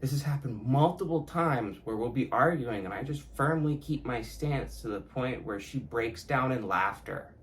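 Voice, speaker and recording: A man's voice: medium pitch, lively intonation, moderate pace, hardly any pauses, fairly bright tone, rough recording. Young male podcast host, mid-range voice, loose and profane, introspective, laughs through his own points. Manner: profane, reflective, laughs often. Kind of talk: casual solo monologue.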